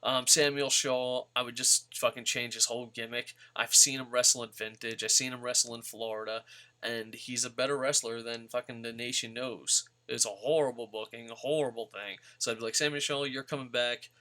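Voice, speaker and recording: A man's voice: medium pitch, steady tone, a little fast, bright, forceful tone. A man ranting bluntly and profanely about wrestlers in a rambling vlog. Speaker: wrestling vlogger. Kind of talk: casual profane rant.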